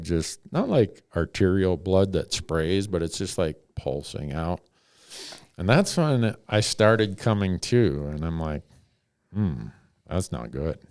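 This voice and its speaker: A man's voice: sits low, darkish tone, clear, resonant tone, dry recording, studio quality. A middle-aged man, a podcast host, telling a story in a laid-back, wry way. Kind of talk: casual storytelling.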